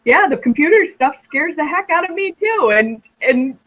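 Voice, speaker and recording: Woman podcast host, fairly high voice, affirming tone, dull lo-fi remote sound. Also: animated, moderate pace. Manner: encouraging, affirming with "right?" and "you know". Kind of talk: casual podcast chat.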